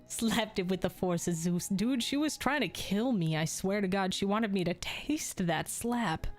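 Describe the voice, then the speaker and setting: A woman's voice: mid-range voice, slow, faint music behind. A young adult woman streamer telling crude jokes and stories in casual chat. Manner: crude, joking storytelling, laughs often.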